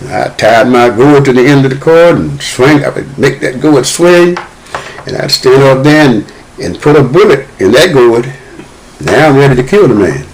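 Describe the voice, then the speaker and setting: Older man as interview guest; expressive, swooping delivery, spins a childhood yarn. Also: a little high, low-quality recording. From Southern United States. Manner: animated, acts out the dialogue in his story. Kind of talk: storytelling about his childhood.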